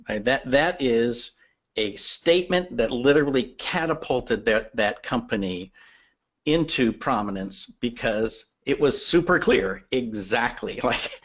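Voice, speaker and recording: A male trainer giving an earnest webinar presentation, asking his listeners rhetorical questions. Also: medium pitch. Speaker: guest speaker, trainer. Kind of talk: presentation lecture.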